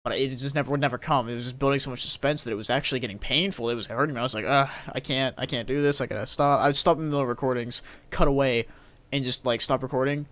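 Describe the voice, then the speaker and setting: A man's voice: medium pitch, fairly even intonation, racing, a bit bright. A young man and YouTube gaming creator, talking casually to camera in a rambling, upbeat way with frequent laughs.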